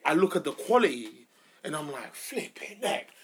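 A young man, co-hosting a casual football chat, animated and quick to cut in with rapid repeated no's. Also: a little high, a crowd in the background. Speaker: co-host.

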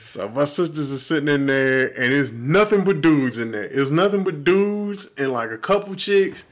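Speaking at a moderate pace in a higher voice, a man co-hosting a podcast spins a loose, profane story. He's animated and voices the people in it as he goes, in a casual storytelling chat.

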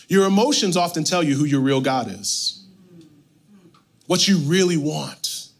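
A male pastor preaching a sermon, reading scripture and retelling it with animated, playful asides. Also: on the high side, unhurried, long pauses.

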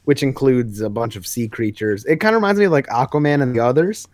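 On a comics podcast, a young male co-host speaks fast in a mid-range voice, recorded without echo. His talk is loose and rambling, crowded with fillers, and he acts out quotes as he goes.

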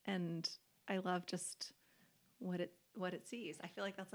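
A woman's voice: lowish voice, little pitch movement, measured pace. A woman co-hosting a casual faith podcast conversation, chatty, full of "like" fillers and easy laughter, leaning hard on key words. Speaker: podcast co-host.

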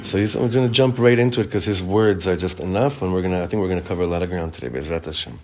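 A man teaching a Torah class as rabbi, reading text quickly and explaining it in chatty English. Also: deep voice. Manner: reads Hebrew text fast, then explains it in relaxed English; chatty, with frequent restarts.

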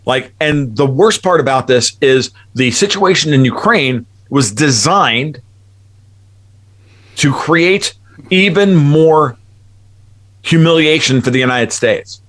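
A man's voice: fairly high pitch, animated, slow pace, a bit bright. A man talking as a guest commentator in a casual chat, rambling and emphatic, often restarting his sentences.

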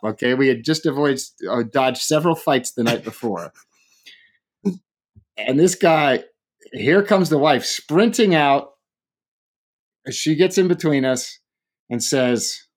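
A man's voice: medium pitch, unhurried. Man telling a story with gusto. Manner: animated, acts out quoted people, laughs often. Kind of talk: casual storytelling.

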